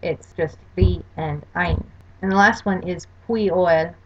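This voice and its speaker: In a lowish, steady voice and at a measured pace, a female language course lecturer goes carefully through rules and spells out examples in a recorded slide lecture. Background noise is present, and the sound is dull lo-fi.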